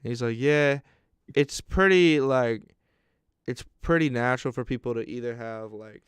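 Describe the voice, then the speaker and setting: Smooth-voiced young man telling a profane story. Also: mid-range voice, moderate pace, dry recording. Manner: animated, profane, laughs through his story. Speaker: podcast co-host. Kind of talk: casual chat, storytelling.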